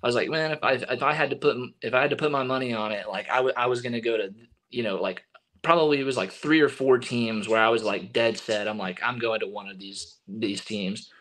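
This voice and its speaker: A young man from Texas, a baseball pitcher, telling stories in a casual interview and acting out what others said. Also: fast talker. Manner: animated storyteller, acting out quotes.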